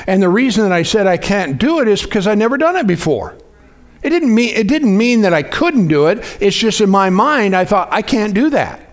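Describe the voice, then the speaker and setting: A man in his sixties preaching a conversational sermon, often restarting phrases and asking the congregation questions. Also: sits high. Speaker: pastor.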